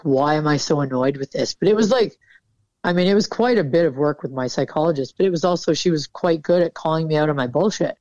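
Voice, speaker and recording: A woman's voice: low voice, a little mellow, no room sound. A woman military veteran talking candidly in an interview, casual and frank, swearing freely. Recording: dull, dry sound.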